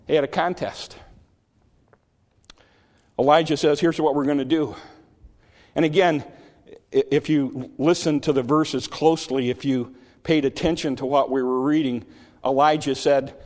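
A man preaching in a big reverberant hall, his voice ringing with a long tail of reverb. He tells the story in an animated way, stumbling over restarts as he goes, with a pitch that sits a little high for a man. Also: measured pace. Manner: animated retelling with repeated restarts. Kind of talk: sermon storytelling.

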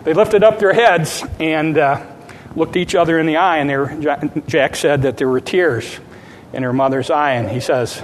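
A man preaching as a pastor, retelling a story and building to fervent preaching. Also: moderate pace. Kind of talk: sermon. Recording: long hall reverb, faint rumble.

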